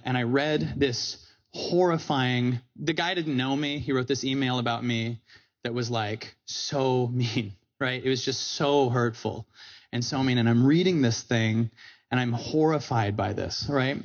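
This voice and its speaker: A man giving a motivational talk with comic asides on stage, animated and acting out quotes in different voices. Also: mid-range voice, lo-fi sound. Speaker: speaker. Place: stage before a live audience.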